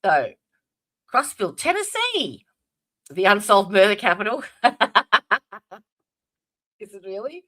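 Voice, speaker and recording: A woman's voice: mid-range voice, wildly swooping pitch, slow, long pauses, fairly bright tone. An Australian woman hosting a casual livestream, chatty and welcoming viewers by name, with plenty of fillers. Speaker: livestream host.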